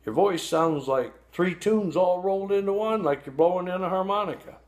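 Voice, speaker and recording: A man voicing an old male catfish who speaks in a slow, fatherly drawl. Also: sits high. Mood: wry.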